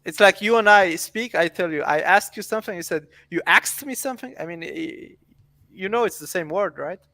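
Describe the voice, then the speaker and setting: Hesitant man with a bright, dry voice. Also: sits high, normal speed, no echo. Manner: hesitant, lots of restarts and questions. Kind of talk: casual livestream chat.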